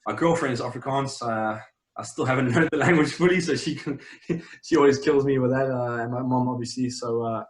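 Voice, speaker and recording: A man's voice: mid-range voice, fairly quick. South African man chatting in a roomy echo. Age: young adult. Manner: relaxed, rambling, many fillers and restarts. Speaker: interview guest, champion swimmer. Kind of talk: casual interview chat. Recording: roomy, echoey sound.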